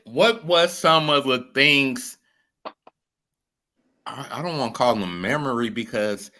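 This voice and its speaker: A man with a bright, forceful tone hosts a live show. He keeps his speech emphatic and at times profane, and he turns often to talk directly to his viewers. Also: lowish voice. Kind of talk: live stream hosting.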